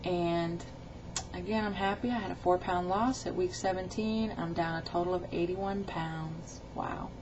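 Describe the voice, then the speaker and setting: A woman's voice: fairly low pitch, a little slow, noisy background. Chatty woman vlogger, lo-fi webcam sound. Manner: rambling, chatty storytelling with quoted dialogue. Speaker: weight-loss vlogger. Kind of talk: casual video diary.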